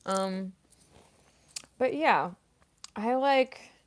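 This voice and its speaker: A young woman voice actress chats with her livestream viewers in an unhurried, easygoing way, pausing often on ums and likes. She reads chat messages aloud between bites of chips. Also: fairly high pitch. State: eating chips while talking.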